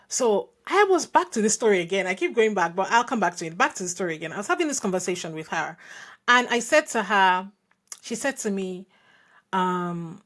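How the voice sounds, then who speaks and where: A woman's voice: mid-range voice, expressive, brisk, a bit bright. A woman from Nigeria hosting a podcast, telling a personal story in a reflective way with frequent restarts and asides. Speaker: podcast host.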